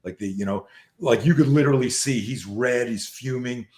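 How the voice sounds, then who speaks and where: A man's voice: mid-range voice, normal speed, a little mellow. An older man, a self-defense instructor, telling a story in a podcast interview with emphatic, profane speech, many restarts and acted-out dialogue. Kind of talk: animated storytelling in a podcast chat. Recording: echoey room.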